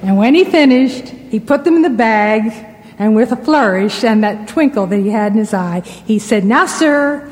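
A woman's voice: a little high, lively intonation, normal speed. A woman giving a Christian sermon-style talk, telling personal anecdotes. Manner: warm, anecdotal storytelling. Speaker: Christian speaker. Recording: long hall reverb.

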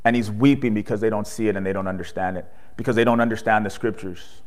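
A pastor preaching a sermon. He tells the story with animation, asks rhetorical questions and often tags his lines with "right?". At solemn points he drops soft and low. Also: steady tone, fast.

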